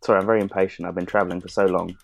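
A man playing a loud, impatient male traveller who returns a book years late in an improvised comedy sketch, chatty and unable to whisper. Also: low voice, flat delivery, racing, gravelly.

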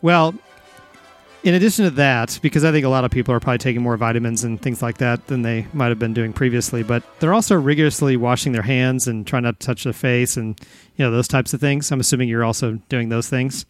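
A man hosting a casual comedy podcast, with a teasing, deadpan delivery. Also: medium pitch, fast talker, soft background music. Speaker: podcast host.

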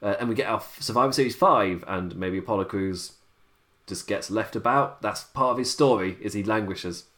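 A man's voice: lowish voice, moderate pace, fairly bright tone. A tired man reviewing wrestling in a rambling, casual livestream chat, laughing often at his own remarks. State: tired late-night voice.

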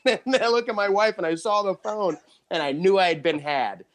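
A man hosting a podcast, telling a story in casual chat, excited, with frequent restarts and laughs. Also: high voice, normal speed. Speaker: podcast host.

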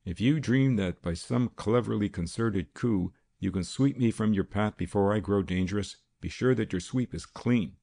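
A man voicing a calm, stern vigilante who speaks quietly and with total confidence. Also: on the low side, moderate pace, gravelly, hardly any pauses.

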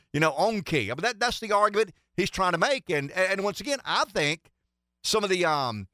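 A man's voice: on the high side, pushed and bright, dry recording, clean studio sound. A man giving emphatic political commentary on a talk show, stacking rhetorical questions and repeating himself for emphasis.

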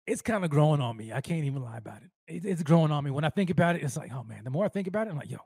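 Hyped, high-voiced man hosting a fan show. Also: animated, racing, creaky, dark tone, breathy edge, dry recording, studio quality. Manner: hyped, rambling, repeats himself; slangy street talk. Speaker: sports show host. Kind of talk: live-streamed fan talk show.

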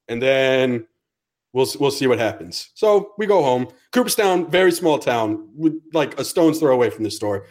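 A man's voice: mid-range voice, lively intonation, normal speed, a little mellow. A young man from the United States telling a long story on a casual podcast, cursing freely and acting out every line of dialogue. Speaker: podcast co-host.

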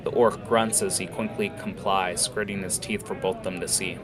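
A man narrating a fantasy tavern scene in a relaxed way, with fillers. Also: sits low, moderate pace, over music. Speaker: storyteller.

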